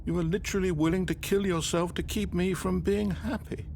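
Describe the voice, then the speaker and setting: A man's voice: sits high, fairly even intonation, a little fast, gravelly, darkish tone, slight background noise. An actor voicing a pleading, wounded narrator figure in a video game, his lines played from the game. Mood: hurt. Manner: pleading, sorrowful, then gushing. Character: British male narrator, pleading, wounded, fussy.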